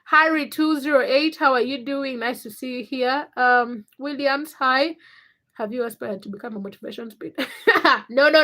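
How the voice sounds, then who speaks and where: A young woman chats on her own livestream. She greets viewers one by one and talks openly between greetings. Her voice sits a little high for a woman's. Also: fairly bright tone. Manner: reads viewer names and greets them, then tells a personal story. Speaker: livestream host. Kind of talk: casual livestream chat.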